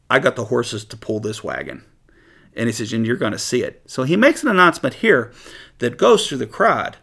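Male preacher, gravelly, animated verse-by-verse teaching, casual paraphrase. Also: medium pitch. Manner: animated, reads scripture aloud then paraphrases it conversationally, laughs often. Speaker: Bible teacher. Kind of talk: sermon, verse-by-verse Bible teaching.

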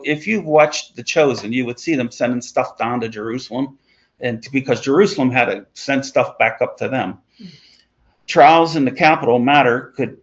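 Male Bible study teacher, gravelly, casual and digressive, muffled lo-fi sound. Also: mid-range voice. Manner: conversational, digressive, chuckling asides.

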